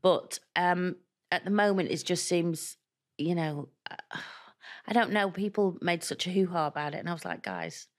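A woman's voice: lowish voice, normal speed. A middle-aged woman guest talking frankly and chattily in a podcast interview, laughing easily and acting out the things people said to her. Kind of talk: candid conversational interview.

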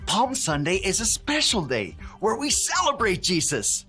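A man plays a cheerful, friendly handyman hosting a children's Bible lesson, and his pitch leaps wildly up and down. He talks slowly and bouncily, with exclamations and a few Spanish words. Soft music plays faintly behind him. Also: wildly swooping pitch, breathy edge, heavily acted. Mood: upbeat. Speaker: children's church presenter. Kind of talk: scripted kids' Bible lesson.

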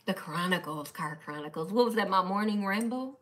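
Woman, casual live-stream chat, animated, bright tone. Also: mid-range voice, a little fast. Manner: animated, playful, chatty, talks back to viewers. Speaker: live-stream host reading viewer comments.

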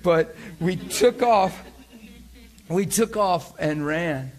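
Middle-aged guy preaching, kinda high voice, laughs a lot telling his story. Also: animated, very slow. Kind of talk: sermon storytelling.

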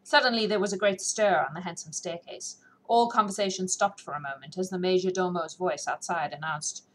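A woman narrating a classic novel in a measured, expressive way, her voice sitting a bit low. A faint hiss of noise lies under the reading. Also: low-quality recording. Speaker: audiobook narrator. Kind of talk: scripted narration.

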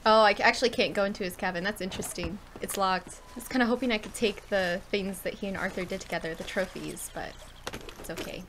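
A woman's voice: mid-range voice, quick pace, a bit bright, a little hiss or hum. A woman streaming a video game, chatting emotionally to viewers and swearing a lot. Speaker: gaming streamer. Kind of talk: casual let's-play commentary. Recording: game music behind voice.

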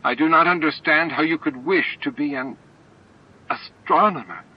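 A man's voice: a little high, fairly even intonation, fairly quick, muffled recording, voice pushed up, natural voice. A man voicing an earnest man struggling with shock and devotion in a homemade audiobook, speaking bluntly and with emotion.

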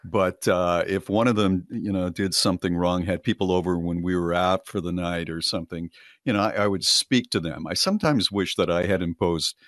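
A man's voice: deep voice, fairly bright tone, no echo, clean studio sound. A middle-aged man co-hosting a radio show, chatting casually and rambling in a self-deprecating way with frequent restarts. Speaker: radio co-host. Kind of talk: casual morning-show banter.

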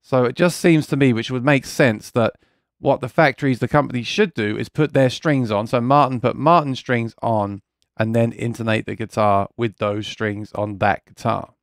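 Man, livestream host, gravelly voice, dry close sound, rambling and earnest. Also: mid-range voice, fairly even intonation, normal speed, no echo. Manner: rambling, reads viewer comments aloud; earnest and keen about guitar gear. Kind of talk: casual live chat.

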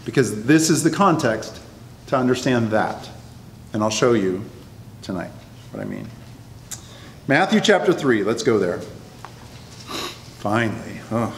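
A man teaching a Bible study class to a live group, talking conversationally and often checking that the class is following. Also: medium pitch. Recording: echoey room, long reverb, faint noise.

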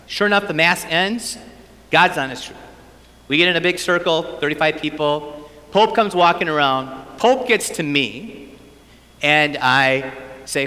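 A priest giving an animated storytelling sermon at a parish mission and acting out his own thoughts. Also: high voice, moderate pace, in a large hall. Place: church.

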